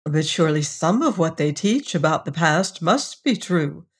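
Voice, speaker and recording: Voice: mid-range voice, animated, normal speed, breathy edge. A reader voicing an earnest, uneasy young man who speaks insistently.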